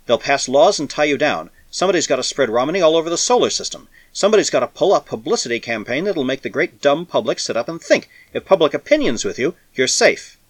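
A man's voice: fairly high pitch, very animated, quick pace, few pauses, no room sound, voice pushed up. A man reading aloud and voicing a weary, battered male spacer who talks harshly and urgently.

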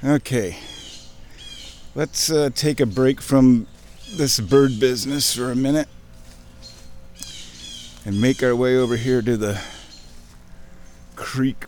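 Man, slow-paced, chatty, wooded creek, faint birds behind. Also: medium pitch, a little hiss or hum. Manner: excited, chatty, self-talking. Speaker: nature vlogger. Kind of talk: casual outdoor narration.

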